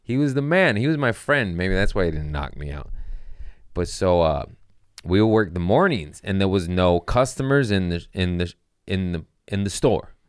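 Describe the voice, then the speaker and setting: A low-pitched male comedian spinning a crude workplace story with loud, animated outbursts and plenty of swearing. The sound is dry and close, with no room echo. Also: moderate pace, smooth. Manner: profane, animated, laughing storyteller. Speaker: comedian podcast host. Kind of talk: casual storytelling.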